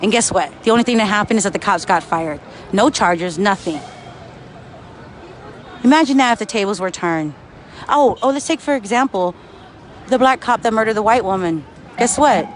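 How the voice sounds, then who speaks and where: A man's voice: high voice, expressive, normal speed, pauses often, a faint crowd. A man livestreaming from a street protest, angry and profane, answering chat comments. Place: outdoors on a city street. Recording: faint street and traffic noise.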